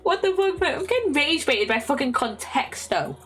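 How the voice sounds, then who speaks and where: A woman's voice: sits high, big pitch swings, normal speed, fairly bright tone. A young woman streaming a word-guessing game, swearing constantly and thinking aloud as she tries out guesses. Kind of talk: casual game commentary. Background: faint lo-fi music.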